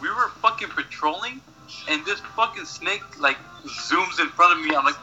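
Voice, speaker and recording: A young man and podcast regular chats casually in a fairly high, bright, forceful voice, talking fairly quick. He tells rambling stories full of swearing and laughs at himself, over lo-fi sound with faint music behind.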